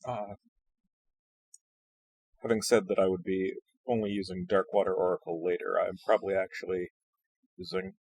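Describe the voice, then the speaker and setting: A man's voice: low-pitched, lively intonation, moderate pace, vocal fry, pauses often, darkish tone, husky, dry recording. A man playing a tabletop role-playing game, explaining his character's spell in a wry way. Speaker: player.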